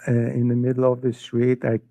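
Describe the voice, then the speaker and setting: A man's voice: medium pitch, completely flat delivery, brisk, vocal fry, mellow, dry recording, poor audio. A middle-aged man from Iran, a podcast guest giving an emotional personal faith testimony, often repeating his words as he tells it. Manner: earnest, emotional storytelling with frequent word repeats.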